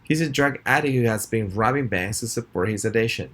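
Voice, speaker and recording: A man with a Spanish accent teaching English pronunciation in a recorded lesson, reading example sentences slowly and clearly for students to repeat. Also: on the low side, expressive, fairly bright tone.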